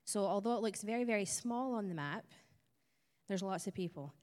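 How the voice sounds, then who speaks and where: Woman, Scottish accent, missionary talking to a congregation, friendly and explaining, mid pitch, long echoing reverb from the church hall. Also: moderate pace, a little mellow. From Scotland. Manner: friendly explaining, light chuckles. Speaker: missionary speaker. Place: church sanctuary.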